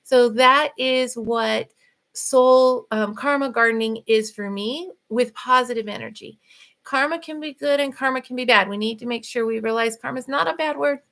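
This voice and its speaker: A middle-aged woman hosting a casual spiritual talk, talking fast and animated, laughing often. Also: vocal fry. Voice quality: voice runs high. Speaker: author and podcast host.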